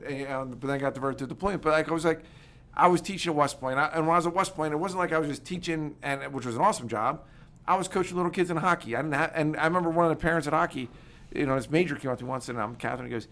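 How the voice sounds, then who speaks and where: A man, talking as a podcast guest in a quick, animated, filler-heavy way. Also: on the high side. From United States. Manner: rapid, animated storytelling with many fillers. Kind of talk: casual interview talk.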